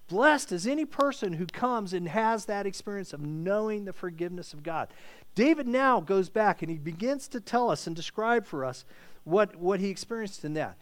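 Guy preaching a sermon, earnest, kinda high voice that swings around a lot. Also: normal speed. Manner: earnest, animated, repeats words while searching.

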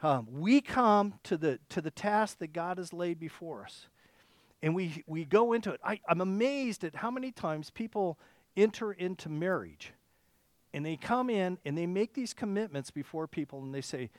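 A man's voice: high-pitched, expressive, moderate pace, no echo. A male pastor giving a sermon in a conversational way. He often restarts his phrases and checks in with the congregation with rhetorical questions. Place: church service.

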